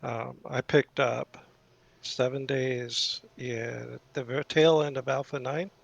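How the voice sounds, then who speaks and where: A man's voice: medium pitch, fairly even intonation, takes it slowly, creaky, lo-fi sound. A man on a casual voice chat, explaining server practice in a knowledgeable, matter-of-fact way with fillers. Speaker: veteran server admin and forum moderator.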